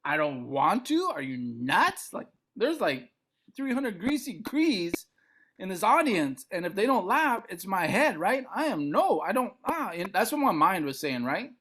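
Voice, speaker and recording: Animated storytelling man, fairly high voice. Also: normal speed, husky. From Montana. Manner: animated, acts out other people's lines with big pitch jumps. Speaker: comedian guest. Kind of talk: storytelling anecdote on a podcast.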